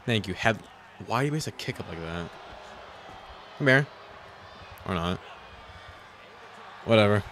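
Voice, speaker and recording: Young guy raging at an online game, bright voice jumping all over, swears a lot, bit of noise behind. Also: lowish voice, expressive, a little slow, pauses often. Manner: ranting, swearing, sarcastic, swings from muttering to yelling. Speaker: gaming YouTuber. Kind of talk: frustrated gameplay commentary.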